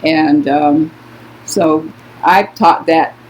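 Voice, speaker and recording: A woman's voice: deep voice, steady tone, very slow, darkish tone. An older woman telling stories in a casual conversation with her adult daughter, speaking in an emphatic, outspoken and indignant way. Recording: muffled lo-fi recording.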